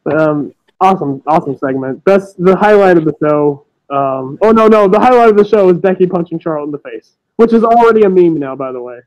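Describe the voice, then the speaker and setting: A young man hosting a casual wrestling podcast chat, talking in quick excited bursts and swearing freely. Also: a little high. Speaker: podcast host. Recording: dull lo-fi podcast audio.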